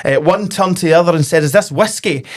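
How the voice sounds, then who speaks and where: A man's voice: high-pitched, quick pace, slight background noise. Scottish man telling jokes. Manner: joke-telling, animated storytelling. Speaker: podcast host. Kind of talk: casual football chat.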